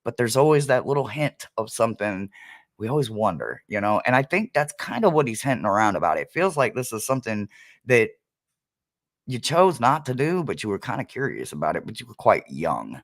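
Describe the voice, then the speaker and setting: A man's voice: on the low side, very animated, a little fast. A man hosting a casual livestream as a psychic medium, chatty and laughing often as he talks to his viewers.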